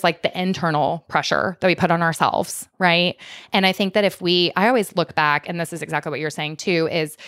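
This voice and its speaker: A woman's voice: on the low side, a bit bright, no echo, clean studio sound. A woman in her thirties hosting a podcast, talking in an earnest, heartfelt, chatty way. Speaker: podcast host. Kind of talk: casual conversational interview.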